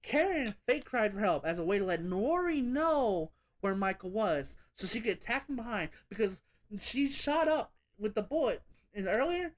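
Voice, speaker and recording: A woman giving a casual spoken horror movie review, animated and rambling, swearing often and laughing as she goes. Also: on the high side, moderate pace.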